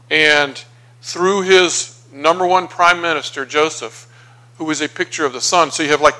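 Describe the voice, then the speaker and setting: Bright-voiced man preaching conversationally. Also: a little high, rough recording. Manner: conversational, thinking aloud with filler pauses. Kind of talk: sermon teaching through scripture.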